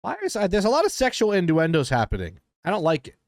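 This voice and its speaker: A man's voice: high-pitched, wildly swooping pitch, fast talker. A man streaming a reaction to a TV episode, joking and riffing casually as he talks to his chat.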